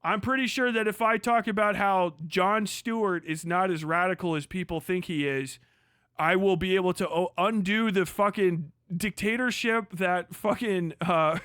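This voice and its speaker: A man's voice: high voice, fairly bright tone, dry recording, clean studio sound. A young man from Kentucky, ranting crudely and mockingly on a livestream, often breaking into laughter. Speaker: streamer. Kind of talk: profane political rant on a livestream.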